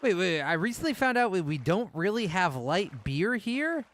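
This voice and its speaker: A man's voice: high voice, big pitch swings, normal speed, a bit bright, a little hiss or hum. A man chatting casually and profanely while playing a game, with a loose, talkative manner. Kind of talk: casual chat while gaming.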